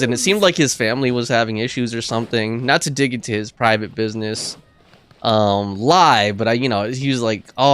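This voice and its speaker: A man's voice: mid-range voice, a bit bright. A young man livestreaming a game, chatting casually, rambling through restarts and laughing often.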